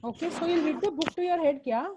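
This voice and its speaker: Indian lady teaching a class on a video call, fairly high voice, says everything twice. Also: rapid-fire, muffled recording, heavy background noise. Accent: Indian English. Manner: repeats instructions, switches into Hindi, scolds students by name. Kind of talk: online class instruction.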